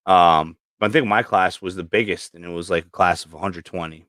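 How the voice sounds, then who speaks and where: Man, from New York, lowish voice, casual livestream host, profane joker, animated storyteller, dry close sound. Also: fairly quick, no room sound. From New York, USA. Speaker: livestream host, reptile breeder. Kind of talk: casual chat.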